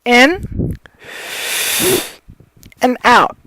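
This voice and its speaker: A woman teaching breathing and pitch exercises in a casual, rambling way, with many fillers and apologies. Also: expressive, extremely slow, background noise. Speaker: voice coach. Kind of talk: casual tutorial.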